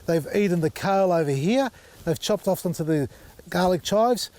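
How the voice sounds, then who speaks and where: A man's voice: high-pitched, lively intonation, normal speed, a little mellow. A man hosting a casual vlog outdoors in his vegetable garden, chatty and exasperated, talking to viewers as folks. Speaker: gardening channel host.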